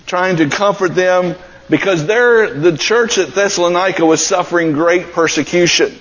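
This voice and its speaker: High-voiced preacher, slow and earnest. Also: male voice, muffled recording. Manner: earnest preaching with rising emphatic passages. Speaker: pastor. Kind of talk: sermon.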